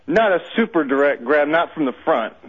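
A man's voice: on the high side, animated, brisk. A man calling in to a radio show, hedging his account. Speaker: caller. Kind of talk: phone call-in. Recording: dull noisy phone line.

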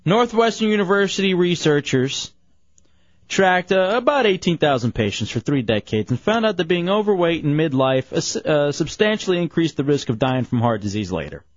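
A man's voice: a little high, very animated, moderate pace, no echo. A man hosting an evening radio show, bantering, joking and reading news and ad copy. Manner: joking, reads ads and headlines. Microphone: studio microphone. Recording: dull, dry lo-fi radio sound.

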